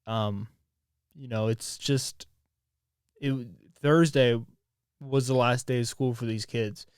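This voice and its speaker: A man's voice: medium pitch, steady tone, takes it slowly, darkish tone, clean tone, no echo, clean studio sound. A man in his twenties hosting a solo podcast, speaking candidly in a rambling, raw way with frequent restarts and swearing. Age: 20s. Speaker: podcast host.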